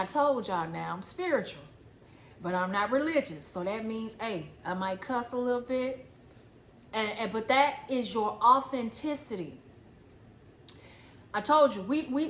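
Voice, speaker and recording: A spiritual coach with a high, pushed, bright voice gives a blunt, emphatic pep talk, repeating phrases and swearing casually. The recording is from an echoey room with faint ambient noise.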